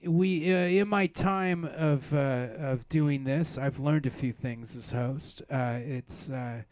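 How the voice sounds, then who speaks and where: A man's voice: slow pace, a little mellow, no echo. A male host of a comedic variety show, rambling with many hesitations in a mock-solemn way. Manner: rambling, hesitant, mock-solemn, breaks into high laughing apologies. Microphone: studio microphone.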